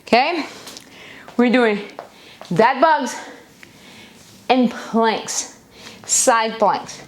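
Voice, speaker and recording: A woman fitness instructor leading a live home workout class, calling out exercises and cues energetically, sometimes out of breath. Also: on the high side. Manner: energetic coaching cues, counting down. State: out of breath at times. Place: home, near a busy street.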